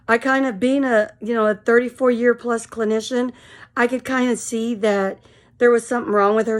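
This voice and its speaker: A woman in her fifties tells a personal story in a frank, rambling way, full of fillers. She sounds tired, and her voice sits a little high for a woman. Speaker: vlogger. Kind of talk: casual storytelling monologue.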